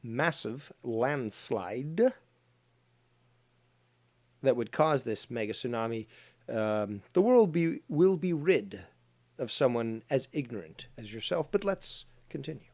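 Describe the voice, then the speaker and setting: A man with a medium-pitched voice delivers crude commentary on clips. He swears freely and turns blunt. His loudness swings between shouted outbursts and low asides. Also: expressive, slow.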